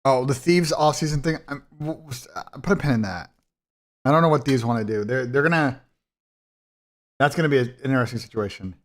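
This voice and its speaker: A man's voice: mid-range voice, a little fast. A man hosting a live esports watch party in casual, blunt, profane talk that rambles and restarts. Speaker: esports streamer and commentator.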